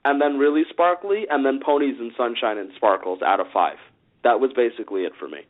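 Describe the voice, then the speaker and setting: Animated joking man on a phone line. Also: mid-range voice, a little fast. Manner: animated, jokey, fond of mimicking lines. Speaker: podcast co-host. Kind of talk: casual radio podcast chat. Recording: tinny phone-line sound.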